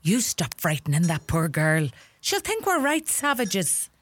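A woman acting out a bossy, sharp-tongued Irish farm mother in middle age, scolding and fussing in a lilting, lively voice. Her Irish accent is thick. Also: fairly low pitch, a little slow, a little hiss or hum. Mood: hospitable. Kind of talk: comedy sketch acting.

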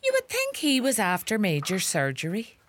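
A woman acting out a bossy, sharp-tongued Irish farm mother in middle age, scolding and fussing in a lilting, lively voice. Her Irish accent is thick. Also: medium pitch, moderate pace, a little hiss or hum. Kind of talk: comedy sketch acting.

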